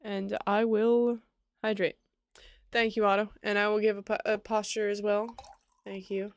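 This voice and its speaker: Muttering to herself as she codes on a live stream, a woman chats casually with her viewers and then breaks into laughter. She speaks a little slowly in a mid-range voice with little pitch movement, in a dry, studio-quality recording.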